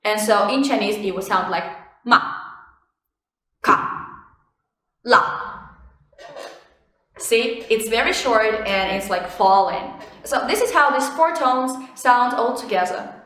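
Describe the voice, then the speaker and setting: Young woman teaching, bright crisp voice, lots of restarts, tons of room echo. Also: a little high. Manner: expressive, drawn-out demonstration syllables. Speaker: language teacher, channel host. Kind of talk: casual online language lesson. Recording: very echoey room.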